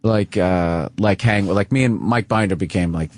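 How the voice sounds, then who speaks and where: A man's voice: low-pitched, normal speed, darkish tone, dry recording, clean studio sound. A man with a Boston accent in his forties, a comedian guest telling rambling, profane, self-mocking stories on a radio talk show.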